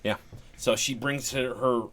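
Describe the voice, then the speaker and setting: A man running a tabletop game as dungeon master, narrating combat and rolling dice in a relaxed, chuckling way. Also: mid-range voice, measured pace, a little hiss or hum.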